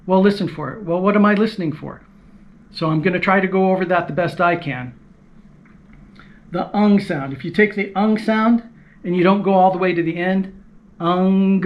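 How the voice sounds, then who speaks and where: A man giving a patient, explanatory language lesson, repeating key points and demonstrating sounds aloud. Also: high voice. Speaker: language teacher.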